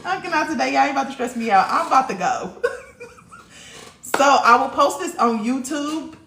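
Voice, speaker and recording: A woman's voice: high-pitched, lively intonation, moderate pace, creaky, fairly bright tone, echoey room, slight background noise. A woman hosting a casual livestream, talking bluntly and profanely straight to her viewers in the chat. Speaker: livestream host.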